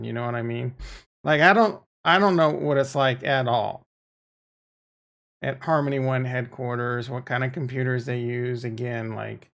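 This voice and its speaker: Man, crypto livestream host, gravelly voice, loose profane rambling, chatting with viewers. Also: mid-range voice, fairly bright tone. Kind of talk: casual livestream chat reading viewer comments.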